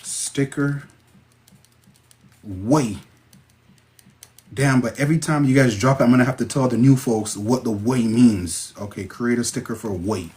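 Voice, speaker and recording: An excitable man with a Jamaican lilt chats casually on a livestream, his voice at an ordinary middle pitch. He reads out viewer comments and keeps jumping up into sharp, high exclamations before settling back down. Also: normal speed. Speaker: livestream host.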